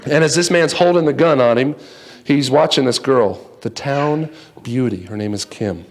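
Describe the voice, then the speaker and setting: Brief: a man as speaker telling a joking story, lively and playful. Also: medium pitch, moderate pace. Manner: playful, acts out voices, jokes with the audience. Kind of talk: humorous storytelling talk. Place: in front of a live audience.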